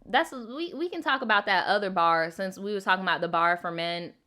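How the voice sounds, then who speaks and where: A woman's voice: mid-range voice, brisk, bright, forceful tone. A young woman hosting a storytime channel. She reads a viewer's letter aloud, breaks off often with blunt, profane comments, and laughs a lot.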